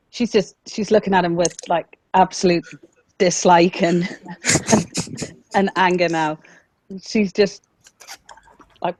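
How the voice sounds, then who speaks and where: A woman describes her character's actions in the third person during a tabletop game. Her voice sits a little low, and the recording is dry. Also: steady tone, slow pace, pauses often, a little mellow, no room sound, poor audio. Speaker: player.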